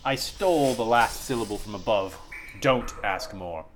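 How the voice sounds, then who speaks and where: A man reading the lines of a cold, vengeful exiled sorceress in a slow, deliberate, menacing way. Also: fairly low pitch, lively intonation, over music, lightly acted. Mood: aloof.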